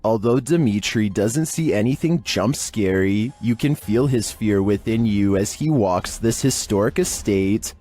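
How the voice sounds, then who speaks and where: A man narrating a creepy video countdown in a flat, monotone scripted delivery. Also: on the low side, unhurried, hardly any pauses.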